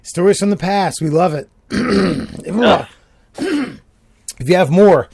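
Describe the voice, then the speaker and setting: A man's voice: high-pitched, slow pace, vocal fry, darkish tone, breathy edge. A man co-hosting a podcast in casual chat, blunt, brash and profane. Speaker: podcast co-host.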